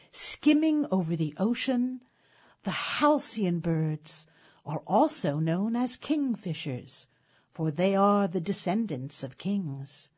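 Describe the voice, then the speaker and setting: A woman narrating a literary tale in a measured, expressive storytelling manner. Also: mid-range voice.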